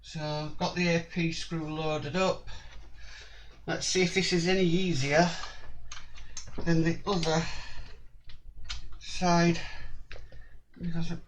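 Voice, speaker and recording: A man narrating a hands-on model-kit build, slow and apologetic, muttering as he works. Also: fairly high pitch, level tone, slight background noise, poor audio.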